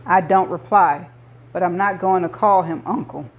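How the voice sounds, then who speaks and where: A woman reading a novel aloud, narrating in the first person with measured delivery. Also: fairly low pitch, dull audio. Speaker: audiobook reader.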